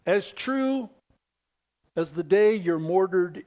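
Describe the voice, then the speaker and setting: A man preaching a sermon to his congregation, asking them questions and swinging from loud declarations to hushed near-whispers. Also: sits high, lively intonation, slow, long pauses. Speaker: pastor.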